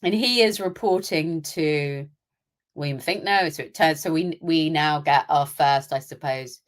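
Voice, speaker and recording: A woman's voice: sits low, unhurried. A young British woman co-hosting a podcast, chatting in an opinionated way and acting out little asides. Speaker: podcast co-host. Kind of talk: casual chat.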